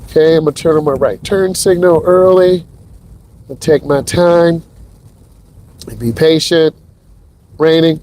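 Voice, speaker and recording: This driving instructor speaks at a fairly high pitch with a warm tone, a slightly slow pace and long pauses. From inside the car as he drives, he gives excited commentary addressed directly to the audience during a live lesson.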